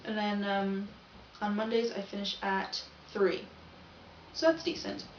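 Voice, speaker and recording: A woman's voice: mid-range voice, level tone, unhurried, far from the mic, a little hiss or hum. Young woman, rambling video diary, roomy echo, dull off-mic sound. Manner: chatty, rambling, self-correcting. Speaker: vlogger.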